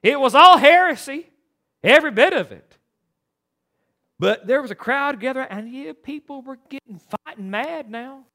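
In this sermon, a man serving as pastor speaks from the pulpit with a notably high, leaping voice full of animated emphasis. The tone is bright and sharp, broken by quick restarts as he drives each point home.

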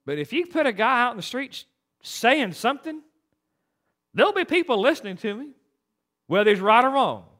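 A pastor delivers a sermon from the pulpit in a strikingly high voice that jumps about with lively, emphatic swings. He sounds bright and sharp, tripping into quick restarts as he hammers his points home.

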